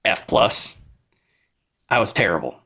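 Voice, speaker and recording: A man co-hosting a podcast, telling a rambling, animated story in casual chat. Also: fairly low pitch, unhurried, husky. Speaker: podcast co-host.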